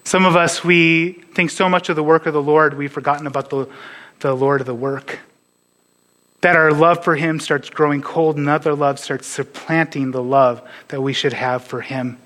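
A pastor preaching a sermon to his church, earnest and sometimes dropping to a hush on key points. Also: on the high side, steady tone, moderate pace.

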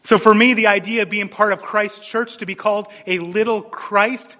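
A man preaching a sermon, animated and storytelling, dropping suddenly into quiet asides. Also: high voice, normal speed. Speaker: pastor. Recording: long hall reverb.

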